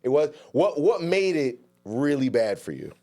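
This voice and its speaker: A man's voice: fairly high pitch, big pitch swings, moderate pace, warm tone. A man co-hosting a podcast in casual chat, talking in a laid-back, slangy way. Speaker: podcast co-host.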